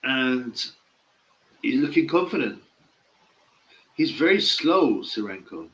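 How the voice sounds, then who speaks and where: A man's voice: mid-range voice, big pitch swings, slow, fairly bright tone, muffled recording. A man giving casual live-stream boxing commentary, blunt, mocking and opinionated.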